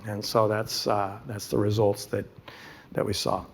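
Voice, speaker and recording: A man's voice: fairly low pitch, monotone, unhurried, slightly rough. Emphatic man giving a talk. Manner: emphatic, repeats key points, asks rhetorical questions. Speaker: conference speaker presenting a curriculum. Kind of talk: presentation talk to an audience.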